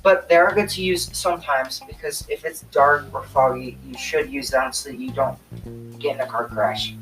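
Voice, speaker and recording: A man's voice: medium pitch, steady tone, moderate pace, a bit bright, soft background music, rough recording. A teenage boy co-hosting a podcast in laid-back, giggly casual chat. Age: teens. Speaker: podcast co-host.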